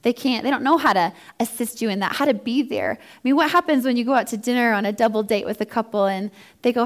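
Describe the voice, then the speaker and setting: Talking fast in a slightly high voice, a woman in her thirties gives a sincere, emotional account of her own story. She founded a ministry serving first responder families and performs quoted lines as she tells it.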